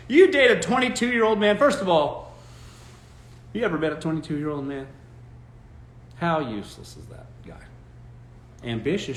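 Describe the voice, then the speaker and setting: Blunt guy ranting dating advice on a live stream, highish voice that swings up and down a lot. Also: fairly bright tone, reverberant. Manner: blunt, emphatic, swears, mocking quoted voices. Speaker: host giving dating advice.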